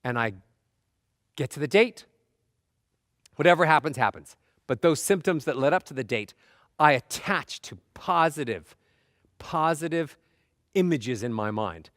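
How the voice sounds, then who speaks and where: A man's voice: a little high, measured pace, no echo, clean studio sound. A man giving a motivational talk, firing off rhetorical questions and acting out the nervous voices in a person's head. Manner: animated, fires rhetorical questions; acts out nervous inner voices. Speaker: motivational speaker.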